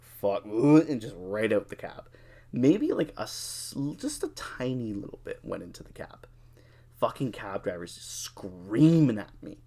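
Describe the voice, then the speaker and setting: A young adult man co-hosting a podcast, telling a drinking story in a casual, animated way, swearing freely and acting out what people said. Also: on the low side. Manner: animated, profane, acts out quotes. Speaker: podcast co-host.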